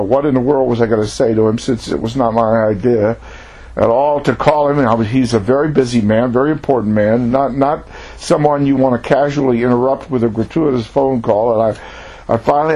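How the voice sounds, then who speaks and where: Husky-voiced man preaching a testimony. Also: medium pitch, a little mellow. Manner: earnest, reflective storytelling. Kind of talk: personal testimony sermon.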